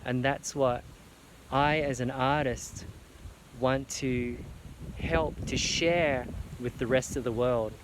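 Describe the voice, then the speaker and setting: A man speaks in a slow, earnest, emotional way, near tears, repeating his phrases for emphasis. His pitch sits in the middle range. A faint ambient hiss sits behind him. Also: steady tone. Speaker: artist. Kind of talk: heartfelt personal appeal to camera.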